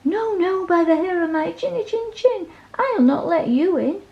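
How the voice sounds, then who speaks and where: Woman playing a squeaky stubborn little pig. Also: lively intonation, moderate pace, highs cut off. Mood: defiant. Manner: high, shrill defiance.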